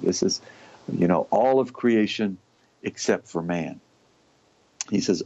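A man reading aloud from a devotional text and explaining it in a deliberate way, lingering on long lists of words. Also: deep voice, warm tone, dry recording. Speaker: religious teacher. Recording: dull, lo-fi, dry recording.

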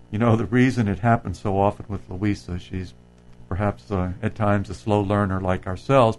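Man with a low, gravelly voice, preacher reading devotional passages and explaining them conversationally. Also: darkish tone, low-quality recording. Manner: reads quotations aloud and comments, with fillers and restarts. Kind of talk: spiritual reflection.

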